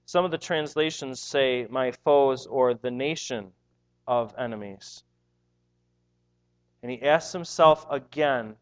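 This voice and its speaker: A man's voice: medium pitch, takes it slowly, long pauses, clear, resonant tone. A man preaching a sermon in an earnest, emphatic way, often repeating words as he drives a point home.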